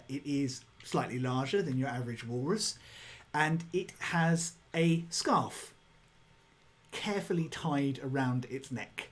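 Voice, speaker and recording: A man narrating a tabletop game as game master in a relaxed, descriptive way. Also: medium pitch.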